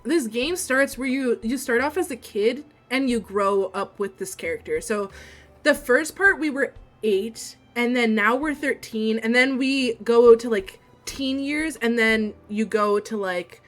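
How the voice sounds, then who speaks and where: A young woman streaming a story game, reading the text and dialogue aloud in a steady voice and breaking into giggles and swearing between lines. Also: fairly high pitch.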